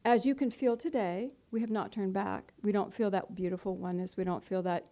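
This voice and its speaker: A woman's voice: medium pitch, steady tone, fairly quick, warm tone. A middle-aged woman, a spiritual teacher, giving a playful, conversational talk to a live audience and laughing often.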